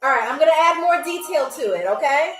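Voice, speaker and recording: A woman's voice: high-pitched, lively intonation, brisk, a bit bright, reverberant, soft background music, poor audio. A young woman hosting a live-stream game show, chatting casually with viewers while she draws, playful and calling them "y'all".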